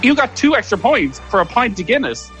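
A man's voice: very high-pitched, very animated, fairly quick, music in the background. A man arguing indignantly in casual banter about a quiz result. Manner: indignant, protesting and arguing his case. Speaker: quiz contestant.

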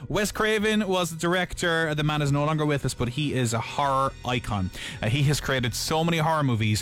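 A man's voice: on the high side, brisk, fairly bright tone, faint music behind. A man co-hosting a casual show, upbeat and teasing. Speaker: co-host. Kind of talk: casual chat.

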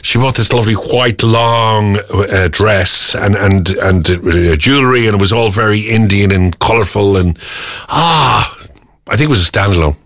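An Irish man co-hosting a breakfast radio show, chatting casually and sometimes shouting. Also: lowish voice, normal speed, dry recording, clean studio sound. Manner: animated, breaks into loud shouting.

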